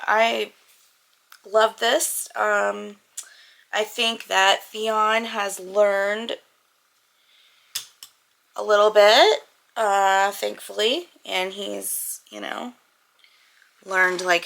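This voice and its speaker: A woman's voice: medium pitch, drawn-out words, creaky, long pauses, sharp tone, poor audio. A young woman chatting casually to camera as a book vlogger, rambling with lots of fillers. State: congested, with a cough.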